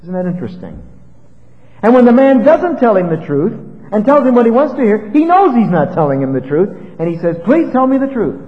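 A man's voice: high-pitched, brisk. Guy preaching a sermon like he's telling a story, voice goes up and down a lot, long hall echo. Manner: conversational, animated storytelling. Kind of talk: expository sermon. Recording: dull lo-fi with long reverb.

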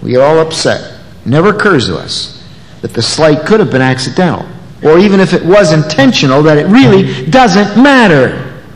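A man preaches in a high, lively voice that swings widely in pitch as he acts out the people in the passage. His sermon rings with a long reverb, as if recorded in a large church sanctuary. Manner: animated, acting out biblical voices. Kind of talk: expository sermon. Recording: long echoey hall reverb.

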